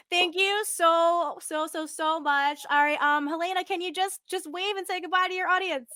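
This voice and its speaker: A woman's voice: extremely high pitch, steady tone, normal speed, few pauses, sharp tone, no room sound. A young woman hosting a live video podcast interview, bubbly and gushing, laughing often. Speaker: podcast host and acting coach. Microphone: video call.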